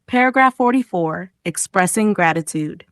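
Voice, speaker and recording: A woman's voice: expressive, moderate pace, a bit bright, no echo, clean studio sound. A woman reading short emotional stories for English learners, giving each quoted line its own feeling. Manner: reads paragraph titles, then acts out quoted lines with raised pitch. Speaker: English lesson reader. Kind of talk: expressive story reading.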